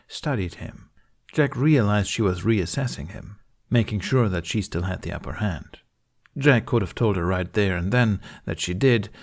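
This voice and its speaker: Low-voiced man reading a story. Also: creaky. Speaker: fan fiction reader. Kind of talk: scripted narration.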